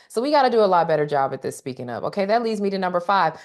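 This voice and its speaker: Emphatic low-voiced woman coaching an audience. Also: big pitch swings, very fast, hardly any pauses. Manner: emphatic, repeats key phrases, checks in with "okay?"; talks directly to the audience. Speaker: workshop speaker. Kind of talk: live online coaching session.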